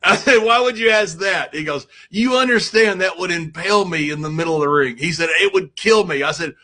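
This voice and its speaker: A man's voice: fairly high pitch, a little fast. A man casually telling a funny story, laughing and acting out what others said. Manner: animated, laughing storyteller who acts out quotes. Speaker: storyteller guest.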